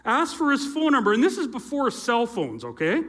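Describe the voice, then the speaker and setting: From a church stage before a live audience, a middle-aged youth pastor tells a story in his sermon, tossing playful asides to listeners. His very high voice swoops wildly in pitch, brisk and a bit bright, through a handheld or stage mic with feedback.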